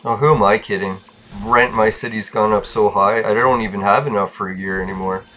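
A man's voice: fairly low pitch, steady tone, fairly quick, fairly bright tone. A man podcasting alone, venting bitterly in a casual, profane rant. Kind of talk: casual ranting monologue.

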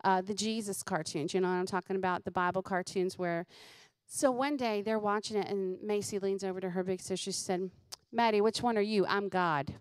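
A middle-aged woman, a comedian host telling lively, funny stories about her kids and laughing at them. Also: medium pitch, fairly quick, clear, resonant tone, no echo. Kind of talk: comedic storytelling.

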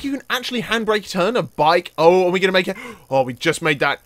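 A man doing let's play commentary, excitable, yelping and laughing at the action on screen. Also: sits high, a little fast. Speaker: gaming commentator.

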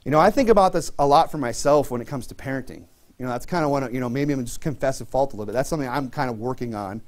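A man's voice: mid-range voice, rapid-fire. A man in his thirties preaching a sermon in a casual, conversational way, full of fillers and restarts. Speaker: pastor.

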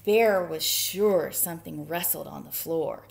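A woman's voice: low-pitched, a little slow, gravelly. A woman, a children's librarian, reading a picture book aloud at storytime with playful asides to young listeners.

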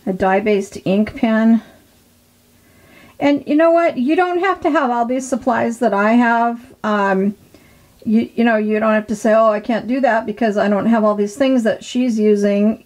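A woman with a slightly high voice talks through a craft demonstration. She chats casually and encourages the viewer, admiring her own pages as she goes. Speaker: art tutorial host.

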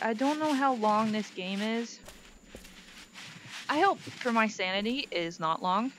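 A jittery woman talks her way through a spooky game, her voice sitting a little high. She rambles nervously to her viewers, playing in VR with a headset mic, and the game's ambience hums clearly behind her. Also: lively intonation, measured pace, pauses often, background noise. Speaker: gaming video host. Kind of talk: casual let's-play commentary.

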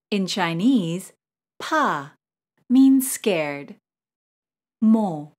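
Very slow woman teaching pronunciation. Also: mid-range voice, a little mellow. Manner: slow, carefully drawn-out model syllables. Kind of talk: scripted pronunciation lesson.

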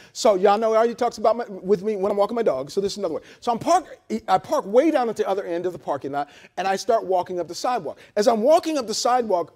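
A man's voice: high voice, darkish tone. A male pastor preaching a sermon in a loose, conversational way, repeating words, trading amens with the congregation and making blunt, joking asides. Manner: conversational preaching with frequent repeats and call-and-response. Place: church service held in a hotel venue.

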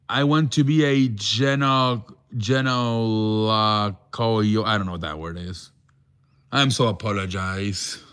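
A man's voice: mid-range voice, fairly bright tone. A man hosting a casual live show, joking and mock-offended with callers, sprinkling in Spanish words. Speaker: show host.

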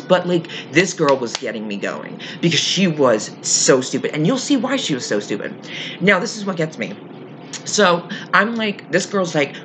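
A woman's voice: deep voice, noisy background. Heated, profane woman telling a story. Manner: heated, profane, animated retelling with quoted voices. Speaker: vlogger. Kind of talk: angry storytime vlog.

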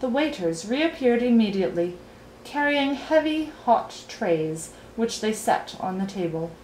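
A woman reading a children's novel aloud in an expressive storytelling voice. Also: on the high side, unhurried, slight background noise. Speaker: reader. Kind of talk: storybook read-aloud narration. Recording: roomy echo, faint ambience.

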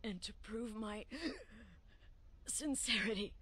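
An actress playing a remorseful, resigned female assassin leader who speaks in a measured, grave way. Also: medium pitch, crowd noise, close to an everyday voice.

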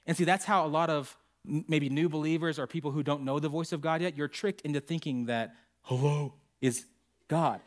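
Man, pastor, preaching, storytelling with acted-out quotes, fairly high voice. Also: fairly even intonation, a little fast. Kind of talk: sermon. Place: church.

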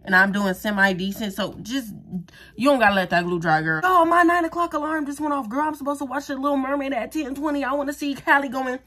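Young woman vlogger doing her lashes and wig, jokey and self-roasting, voice a bit on the high side. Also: fast, sharp tone. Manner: joking, self-mocking, talks straight to viewers. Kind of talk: casual beauty tutorial chat.

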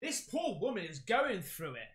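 A man's voice: high-pitched, wildly swooping pitch, moderate pace, a bit bright, breathy edge. A man hosting a reaction video, talking in a brash, boastful way and swearing often. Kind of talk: casual reaction commentary.

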